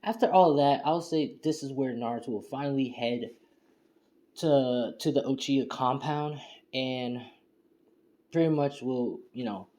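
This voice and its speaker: Man, mellow tone, loose rambling fan storyteller full of fillers, home recording. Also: mid-range voice, unhurried. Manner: rambling, heavy on fillers like "you know" and "and stuff". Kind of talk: casual spoken fan-fiction retelling. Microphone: home screen-recording setup.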